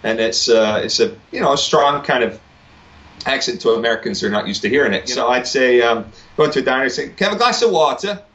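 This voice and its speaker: A man's voice: medium pitch, brisk, a bit bright, muffled recording. Chatty man with a Wigan accent. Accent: Wigan, northwest England. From northwest England. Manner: chatty, laughs often, self-mocking. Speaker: musician guest. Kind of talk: casual interview.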